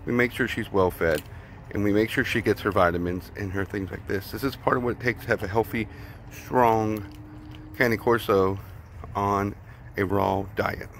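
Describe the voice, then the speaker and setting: A man's voice: on the low side, steady tone, normal speed, slight background noise. A man casually showing how he feeds his dog at home, rambling with lots of fillers and repeated words. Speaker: dog owner vlogger.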